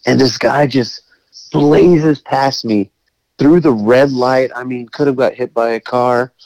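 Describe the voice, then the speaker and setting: A man in his late thirties telling a story in casual chat, animated and swearing, acting out quotes. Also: mid-range voice, slow pace, dry recording, poor audio. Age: 30s.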